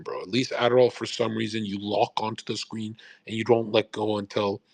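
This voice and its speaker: In a low voice with vocal fry and no echo, a man streams on a live audio space. His casual, rambling monologue is animated and packed with swearing, and he keeps addressing listeners as "bro."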